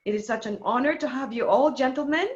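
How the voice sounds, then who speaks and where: A woman's voice: on the high side, fast talker, a little mellow, lo-fi sound. A woman hosting a live online show and closing it with effusive, emotional thanks. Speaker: show host and author.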